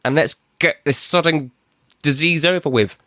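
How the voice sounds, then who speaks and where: A man with a soft Northern English accent hosting a podcast, chatting casually and self-deprecatingly with lots of ums. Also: fairly high pitch, moderate pace, dry recording. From England, Manchester. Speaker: podcast host.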